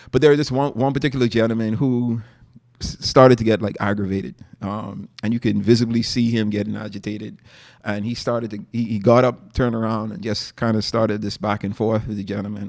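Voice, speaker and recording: A man's voice: lowish voice, creaky, a little mellow, no echo, clean studio sound. A man with a Bahamian accent, casually telling a story as a podcast host, with many fillers and restarts.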